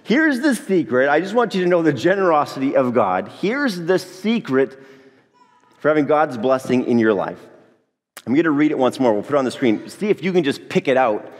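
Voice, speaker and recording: Male pastor, sermon, animated joking delivery, fairly high voice, long church-hall reverb. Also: moderate pace. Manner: lively, joking, talks to the congregation directly. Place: church sanctuary.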